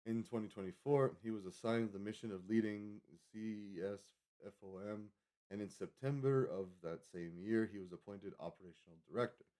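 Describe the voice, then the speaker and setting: A man's voice: fairly low pitch, normal speed, dark tone. A man livestreaming, rambling casually as he reads a web page aloud and stumbles over foreign names. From Colorado. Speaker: livestream host.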